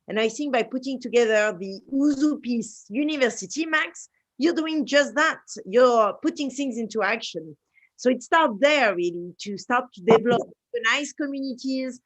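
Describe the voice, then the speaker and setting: Chatty French-accented woman, high voice. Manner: lively, chatty, self-deprecating, many fillers. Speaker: speaker. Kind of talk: online talk.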